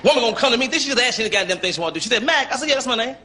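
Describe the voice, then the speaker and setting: A man performing stand-up comedy, brash and profane, yelling his punchlines. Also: very high voice, animated, very fast. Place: live comedy stage. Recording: archive stage recording with loud crowd.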